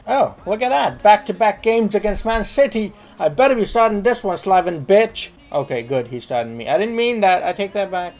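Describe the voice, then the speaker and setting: Excitable, swearing young gamer man. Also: high voice. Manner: excitable, profane, joking. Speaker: gaming channel host. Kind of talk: let's play commentary.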